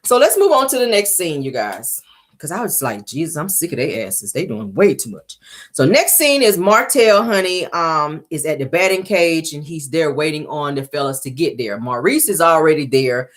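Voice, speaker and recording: A woman hosting a casual reality show recap, sassy and animated, acting out the cast's lines in different voices. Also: low voice, moderate pace.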